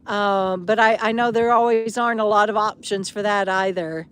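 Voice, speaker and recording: A woman chatting casually on a live stream, reading viewer comments aloud with many pauses and fillers, outdoors at a camp. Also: mid-range voice, fairly even intonation, smooth. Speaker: vlogger answering live chat.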